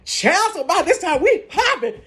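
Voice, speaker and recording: Older lady doing a storytime from her bedroom, slow and dramatic, pitch jumping all over. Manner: dramatic, expressive, talks straight to viewers. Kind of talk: casual storytime chat.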